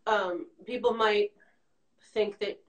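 A woman's voice: medium pitch, fairly even intonation, takes it slowly. Chatty woman host in a roomy space. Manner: chatty, reads out listener questions. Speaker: interview host. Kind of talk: casual interview talk. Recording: roomy echo.

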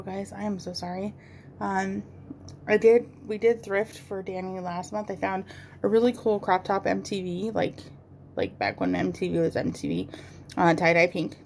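Rambling, gravelly-voiced woman vlogger. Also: mid-range voice, a little mellow, a little hiss or hum. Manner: rambling, chatty, swears casually. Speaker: beauty vlogger. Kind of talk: casual rambling chat while doing makeup.

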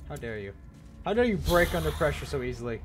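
A young man commentating on his gameplay, excitable, swearing and yelling at the game. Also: on the high side, fast, over music. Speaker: gaming video host.

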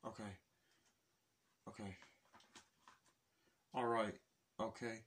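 A man's voice: on the low side, little pitch movement, slow pace, noisy background. A man of twenty-two in a casual vlog, exasperated and swearing as he mutters to himself. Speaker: film collector vlogger.

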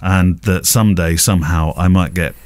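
A man with a very deep voice co-hosting a relaxed podcast. He talks in a hesitant, reflective way, full of fillers and restarts as he works through his thoughts. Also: moderate pace. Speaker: podcast co-host, wedding photographer. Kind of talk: casual podcast chat.

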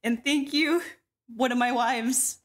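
A woman's voice: high-pitched, fairly even intonation, slow. A young woman streamer, giggling often as she reads out donations in casual chat. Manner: giggly, laughs often between words.

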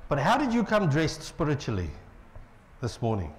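A middle-aged man with a South African accent preaching a lively sermon in a church, joking with the congregation. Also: fairly high pitch, moderate pace, a little hiss or hum. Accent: South African English. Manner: playful, jokes with the congregation. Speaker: pastor.

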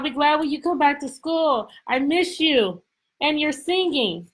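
A woman teacher reading a picture book aloud to her class over a video call, expressive and full of questions. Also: high voice, unhurried, low-quality recording. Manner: lively, expressive, stretches words, asks questions. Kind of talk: storybook read-aloud lesson.

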